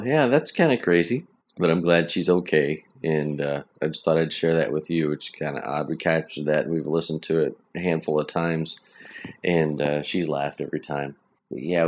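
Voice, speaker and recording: A man hosting his own podcast from home, talking in a chatty, plainspoken, rambling way. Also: extremely low pitch. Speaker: podcast host. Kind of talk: casual solo podcast talk.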